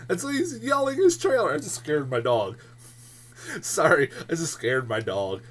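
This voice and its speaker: A man giving a casual, rambling movie review vlog, swearing freely, laughing often and getting loud and worked up. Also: a little high, huge pitch swings, a little slow, breathy edge.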